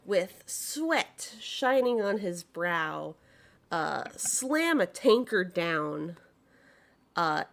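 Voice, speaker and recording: Slow, hesitant woman game master. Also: fairly low pitch, gravelly. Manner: relaxed, hesitant, many fillers. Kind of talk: narrating a tabletop game.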